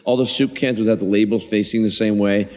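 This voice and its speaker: A man on a convention panel telling an animated, rambling anecdote with many restarts. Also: on the low side, fairly quick. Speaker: panel guest. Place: large convention hall. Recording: echoey convention hall.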